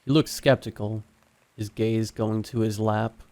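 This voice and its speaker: A man reading a horror story aloud as a steady, scripted narration. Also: on the low side, a little slow.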